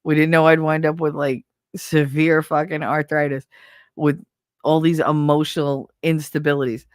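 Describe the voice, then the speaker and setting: A woman hosting a podcast, telling stories in a casual, animated and profane way. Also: sits low, normal speed, no room sound, clean studio sound. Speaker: podcast host. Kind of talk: casual storytelling chat.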